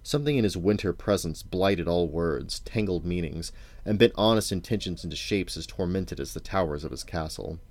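A father reads a novel aloud to his sons, his voice deep and low. The sound is dry and close, and the storytelling is measured and unhurried. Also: animated, a little mellow, no room sound. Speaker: parent reading to his children.

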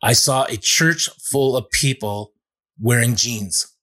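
A man's voice: mid-range voice, slow, pushed and bright. A male pastor preaching a sermon, telling a personal story in an earnest, conversational way with frequent restarts.

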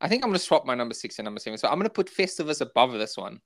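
A South African man co-hosting a podcast, casually retelling sitcom scenes and jumping into high, squeaky imitations of the characters. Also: sing-song, racing, a bit bright, dry recording. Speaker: podcast co-host. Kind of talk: casual chat.

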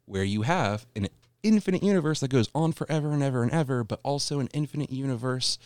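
A man's voice: medium pitch, expressive, quick pace, a little mellow, clear, resonant tone, no room sound. A man in casual podcast chat, earnestly explaining ideas with plenty of fillers.

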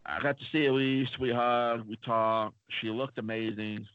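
A podcast co-host with a mid-range, resonant, clear voice tells rambling stories in a chatty way, full of fillers, at a moderate pace and with fairly even intonation. The recording is dry and dull, with a lo-fi quality and no room sound.

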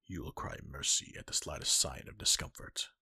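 A man voicing a stern, gruff older warrior god in a fan-fiction reading, with a low, half-whispered delivery. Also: moderate pace, pushed and bright, no echo, clean studio sound. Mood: commanding.

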